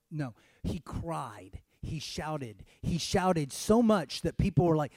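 A man's voice: a little high, sing-song, slow pace, hardly any pauses, dry recording, studio quality. Dramatic Texas-born man preaching a sermon. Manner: dramatic, swings from hushed to shouting. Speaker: pastor.

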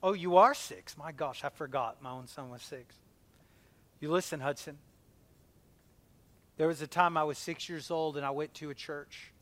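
Impassioned preacher in his forties, higher voice. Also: normal speed, long pauses. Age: 40s. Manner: impassioned, swinging from loud emphasis to a hushed near-whisper. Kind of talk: sermon.

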